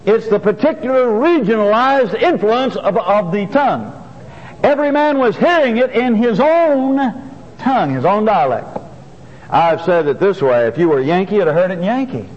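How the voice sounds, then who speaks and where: With lively intonation and normal speed, an older pastor delivers a sermon in a high, swooping voice that rises and falls freely, driving key phrases home through repetition. The church sanctuary recording is dull and lo-fi, trailed by long reverb.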